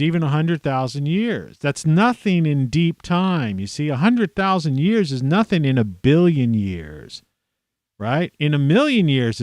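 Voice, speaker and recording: A man's voice: mid-range voice, a little mellow, no echo, studio quality. A middle-aged man ranting in a rambling, profane monologue, restarting his sentences and swearing often. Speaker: video blogger.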